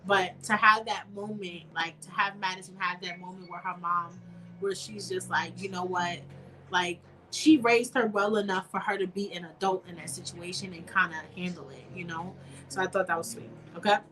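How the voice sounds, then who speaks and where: A woman's voice: fairly low pitch, steady tone, moderate pace, bright, forceful tone, poor audio. A young woman hosting an online show, reading a fan-fiction story aloud in a chatty, casual way and addressing listeners directly. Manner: chatty, talks to listeners as "y'all".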